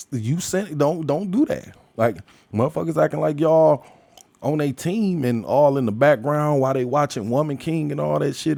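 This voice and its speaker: A man's voice: a little high, gravelly, a little mellow, no room sound. A man hosting his own podcast, ranting alone with heavy profanity, jumping from heated outbursts to laughter. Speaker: podcast host. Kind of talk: ranting solo monologue.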